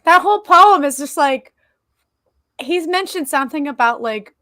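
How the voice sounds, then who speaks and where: A high-pitched woman talking in casual podcast chat, emotional and blunt, swearing freely and circling back with fillers. Her voice sounds close and dry on the mic. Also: lively intonation, moderate pace, bright, forceful tone, dry recording. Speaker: podcast co-host.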